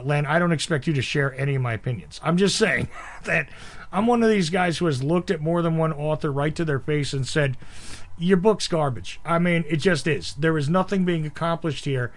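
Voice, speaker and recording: A man from the northeastern US talking casually as a host, blunt and self-described abrasive, with frequent laughs. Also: a little high. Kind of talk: casual conversation.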